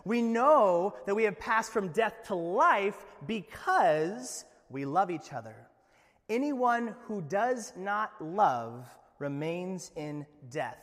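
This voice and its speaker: Guy preaching a sermon, kinda high voice, joking around casually, big reverby church hall. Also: animated, fairly bright tone. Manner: conversational and joking, with quick asides. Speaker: pastor.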